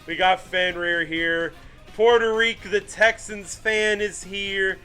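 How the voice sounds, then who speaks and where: A young man with a high, bright, forceful voice delivers live fan commentary on a football game. He talks in an unhurried way, self-mocking and excitable, and faint music plays behind him. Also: clear, resonant tone. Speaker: streamer doing game commentary.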